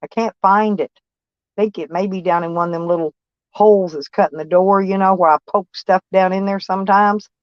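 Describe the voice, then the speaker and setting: A woman's voice: mid-range voice, fairly even intonation, fairly quick, no room sound. Older woman, van-life vlogger; loose folksy rambling, salty language, dry lo-fi recording. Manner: rambling, folksy storytelling with cussing and laughs. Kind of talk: casual chat. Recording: dull lo-fi sound.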